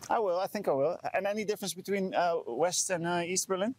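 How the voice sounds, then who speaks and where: A man's voice: high-pitched, quick pace. A man hosting a casual chat while walking outdoors on a campus, easygoing and curious, often repeating words like "cool, cool". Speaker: podcast host.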